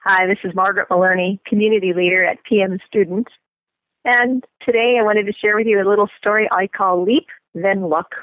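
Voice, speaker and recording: A woman's voice: on the low side, a bit bright, no room sound, low-quality recording. A woman, a community leader, tells a funny story in a friendly storytelling manner. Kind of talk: telling a story.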